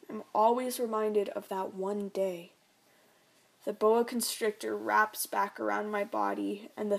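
A young woman narrating her own story in the first person, soft and reflective. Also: medium pitch, gravelly.

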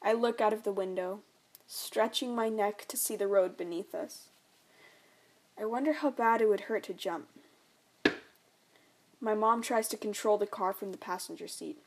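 A young woman narrating her own story in the first person, soft and reflective. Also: mid-range voice, normal speed, long pauses.

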